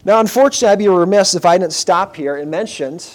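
A man's voice: high-pitched, fast. Earnest conversational preacher man. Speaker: pastor. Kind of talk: sermon.

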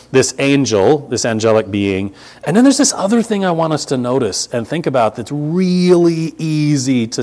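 Man, thirties, pastor preaching, lively swinging pitch, emphatic repetition. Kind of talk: sermon.

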